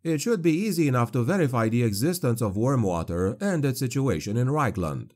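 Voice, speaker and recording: A man reading a dark fantasy audiobook in a grave, measured narration. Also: medium pitch, lively intonation.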